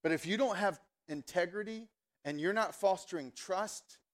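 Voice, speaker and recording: A man preaching a sermon as a pastor, telling stories in a chatty, animated way and getting fired up and emphatic. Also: high-pitched, normal speed. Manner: conversational, animated storytelling with many asides; fired-up, emphatic when worked up.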